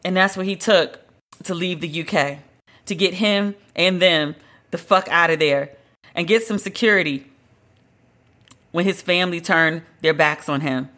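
A woman's voice: lowish voice, measured pace, long pauses, fairly bright tone. A woman hosting a solo podcast, talking in a blunt, emphatic, conversational way and drawing out the words she stresses. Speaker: podcast host.

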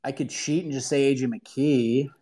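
A man's voice: medium pitch, steady tone, normal speed, warm tone. A man hosting a casual call-in talk show, giving emphatic, opinionated answers in bursts with frequent restarts. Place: online audio room.

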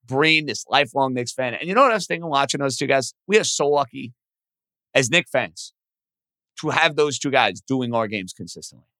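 A man's voice: medium pitch, bright, forceful tone, no echo. A man hosting a sports talk podcast, giving opinions in an emphatic, conversational way.

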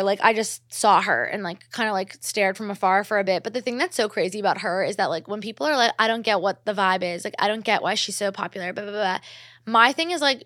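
A young woman from New Jersey chats alone on her podcast, gushing freely and packing her sentences with "like." Her voice sits at a middle pitch, recorded close and dry with no room sound. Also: fairly bright tone, dry recording. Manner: gushing, filler-heavy, lots of "like". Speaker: podcast host. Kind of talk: casual solo chat.

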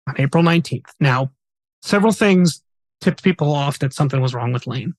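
A man's voice: a little high, no room sound. A man hosting a podcast, retelling a true story in a casual, earnest, conversational way. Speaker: podcast host.

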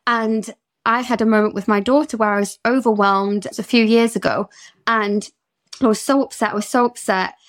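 A woman's voice: fairly high pitch, steady tone, fairly quick. A British woman who works as a therapist talks openly on a podcast. She tells personal stories in a candid, emotional way. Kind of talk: podcast conversation.

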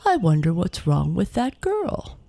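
A woman voicing a tired, kindly old Santa with slow, hearty calls in a storybook reading. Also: lowish voice, wildly swooping pitch, gravelly, warm tone, no echo, heavily acted.

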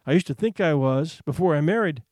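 A man voicing a bitter, weary mother, answering slowly with a raised, lively pitch. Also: no echo, clean studio sound, close to an everyday voice. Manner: slow, bitter, sighing replies. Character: bitter, weary adult mother worried about money.

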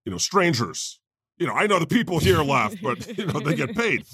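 Male podcast host in a comic God persona, husky, lively inflection, wry jokey delivery. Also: a little high, normal speed, no room sound, clean studio sound. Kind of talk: comedic podcast chat.

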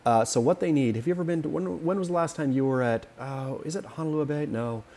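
A man co-hosting a podcast in casual chat, opinionated and animated, acting out quotes as he tells stories. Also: a little high, fast. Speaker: podcast co-host.

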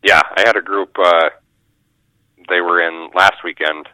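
Deep-voiced fishing guide on a phone line. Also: male voice, steady tone, unhurried, bright, forceful tone, smooth, no room sound. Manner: rambling, repeats words, many fillers. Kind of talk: casual radio interview.

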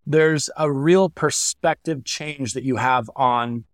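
A young man speaks as a podcast guest, candid and heartfelt as he tells a painful story. His voice sits at an ordinary pitch and the recording is dry and close, with no room sound. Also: slow pace, no echo. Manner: earnest, heartfelt, emotional at times.

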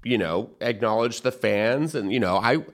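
A man hosting a podcast, telling a funny story in a casual, camp, animated way and laughing at his own jokes. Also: mid-range voice, normal speed. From San Antonio, Texas. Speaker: podcast host.

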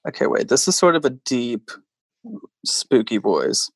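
A man's voice: mid-range voice, sing-song, measured pace, dry recording. A man hosting a podcast, casually chatting and playfully quizzing his guest. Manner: playful, quizzing a guest with multiple-choice options. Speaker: podcast host. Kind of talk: casual chat.

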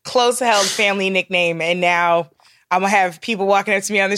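A woman in her thirties co-hosting a podcast, chatting warmly and laughing easily. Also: medium pitch, steady tone, quick pace, no echo, studio quality. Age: 30s. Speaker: podcast co-host. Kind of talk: casual chat.

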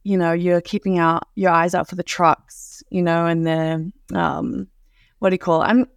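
A woman's voice: fairly low pitch, steady tone, moderate pace, gravelly, clear, resonant tone, no echo. Young woman, New Zealand accent, chatty storyteller, dry close mic. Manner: chatty storyteller, laughs often. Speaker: guest. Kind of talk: casual podcast chat.

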